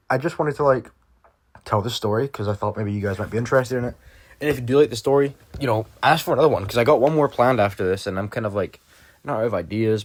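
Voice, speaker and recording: A young British vlogger with a medium-pitched voice casually tells his viewers a personal story. He rambles, swearing a lot and using plenty of fillers.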